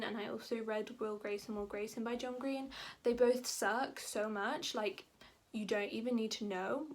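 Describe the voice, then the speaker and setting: Animated, exasperated woman ranting about books. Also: fairly high pitch. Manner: animated and exasperated, heavy use of "like". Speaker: book vlogger. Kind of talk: casual ranting book review.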